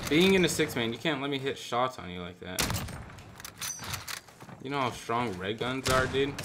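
A young man commenting casually on his own gameplay as a streamer, excitable and slangy. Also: medium pitch, a little hiss or hum. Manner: excitable, slangy, keeps saying dude. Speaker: gaming streamer and YouTuber.

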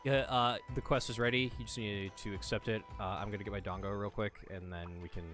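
A man hosting a gaming stream who chats in short, low-key remarks and gives brief game directions. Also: fairly even intonation, quick pace, fairly bright tone. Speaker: streamer host. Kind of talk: casual gaming chat. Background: game music.

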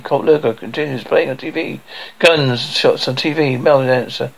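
A man doing an amateur read-through of a cartoon episode, flatly reading out the sound cues. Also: mid-range voice, moderate pace, gravelly, rough recording.

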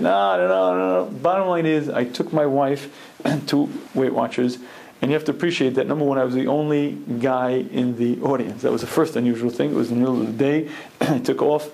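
A man teaching a humorous Torah lecture, telling stories with jokes and clearing his throat often. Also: mid-range voice, a little mellow, slight background noise, poor audio.

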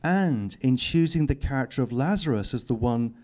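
Reading at a public talk in a lecture hall, a middle-aged man speaks at normal speed in an animated, darkish, medium-pitched voice. The author comments on his text with dry wit, tossing teasing asides to the audience.

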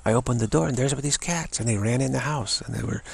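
A man giving an unscripted spiritual talk, halting and repeating words between pauses. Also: medium pitch, no room sound. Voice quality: gravelly, husky. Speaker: spiritual teacher.

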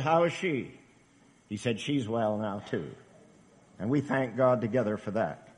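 Male preacher, emphatic and earnest, somewhat high voice, echoing hall recording. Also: fairly bright tone. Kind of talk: sermon. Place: church camp meeting hall. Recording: reverberant hall.

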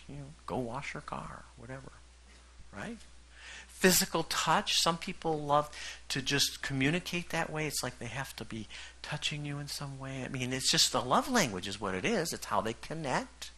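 Lively, bright-voiced man preaching a sermon. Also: fairly high pitch, normal speed. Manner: conversational, animated, checks in with the congregation. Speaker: pastor.

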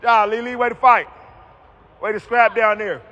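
A man coaching a youth basketball team from the sideline, calling out loud encouragement and repeating himself. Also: high-pitched, steady tone, moderate pace, highs cut off. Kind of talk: courtside coaching shouts.

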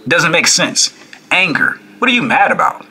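Bright husky man preaching to viewers. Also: a little high, moderate pace. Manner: animated, repeats phrases, asks viewers rhetorical questions. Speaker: reaction video host. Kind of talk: casual preachy talk to viewers.

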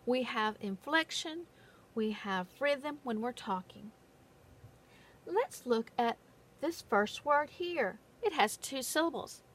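Slow, patient woman teaching phonics. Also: fairly high pitch. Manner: patient, deliberate, leans on key words. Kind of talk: slow, careful classroom instruction.

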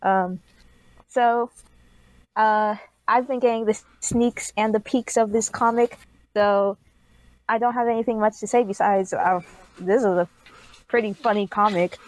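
A woman's voice: medium pitch, steady tone, measured pace, long pauses, darkish tone, dry recording, rough recording. A woman rambles happily through her thoughts on a comic, bubbly and playful. Her voice sits in a middle range. The sound is dry and close. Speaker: co-host reviewing comics. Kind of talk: casual podcast critique.

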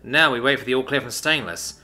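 A man doing a gruff, blunt soldier. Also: medium pitch, brisk, sharp tone, soft background music. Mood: matter-of-fact. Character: male soldier, gruff and practical.

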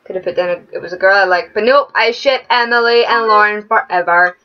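A woman's voice: mid-range voice, brisk, lo-fi sound. A young woman playing a story game, reading its chat dialogue aloud and commenting bluntly with plenty of swearing. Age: young adult. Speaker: let's play gamer.

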